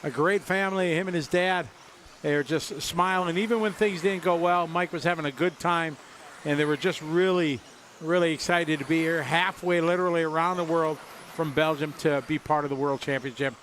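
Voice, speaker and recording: A man's voice: on the high side, steady tone, moderate pace, fairly bright tone, a little hiss or hum. A man from the United States giving live race commentary, chatty and upbeat. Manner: chatty, upbeat, laughs easily.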